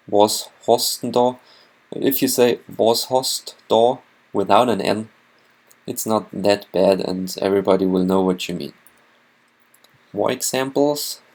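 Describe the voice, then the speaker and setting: A man with a Bavarian accent, teaching a language lesson in a slow, careful, word-by-word way. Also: on the low side, a little mellow, poor audio. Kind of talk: scripted lesson narration.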